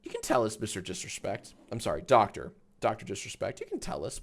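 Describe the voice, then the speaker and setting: A man's voice: lowish voice, wildly swooping pitch, fast, creaky, slightly rough. A man chatting casually on a live stream, rambling and swearing as he reads out the chat.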